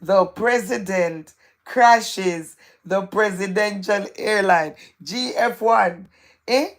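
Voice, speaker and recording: Slow-talking woman hosting a gossipy livestream. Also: medium pitch. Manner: repeats phrases for emphasis, gossipy and playful. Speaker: live stream host. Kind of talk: live-stream chat reading comments.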